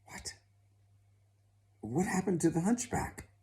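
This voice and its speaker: A man's voice: low voice, very animated, slow pace, vocal fry, dark tone, exaggerated voice. A man doing a baffled old nobleman father. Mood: bewildered. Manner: bewildered, questioning.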